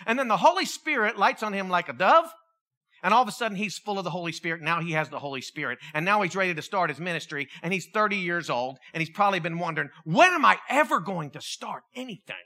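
A middle-aged preacher giving a sermon as an animated storyteller who acts out quoted voices and adds jokey asides. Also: medium pitch, fast.

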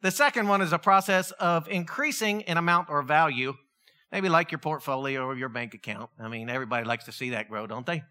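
A man preaching a conversational sermon, acting out quotes in an animated way. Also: a little high, brisk. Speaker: pastor.

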